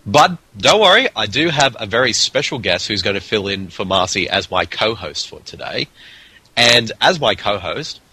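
A man's voice: fairly low pitch, animated, moderate pace, pushed and bright, slightly rough, dry recording, poor audio. A man with an Australian accent hosting a casual podcast, rambling with plenty of restarts and fillers. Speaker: podcast host.

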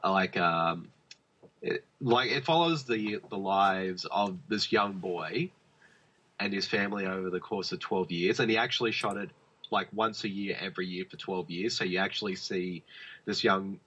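A man's voice: sits low, moderate pace, bright, forceful tone, breathy edge. A man co-hosting a podcast, rambling about films in casual chat with many fillers and restarts. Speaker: podcast co-host. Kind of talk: casual film review chat. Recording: dull lo-fi podcast audio.

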